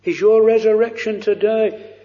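A man preaching a sermon, slow and fervent, drawing out pleading phrases. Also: sits high, fairly even intonation, dark tone. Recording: dull lo-fi recording in a reverberant hall.

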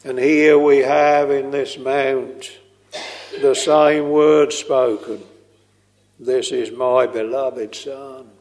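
A man preaching a slow, earnest sermon, tender and pleading as he quotes hymns. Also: mid-range voice, steady tone, a little mellow. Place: church. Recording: long reverb of a large hall.

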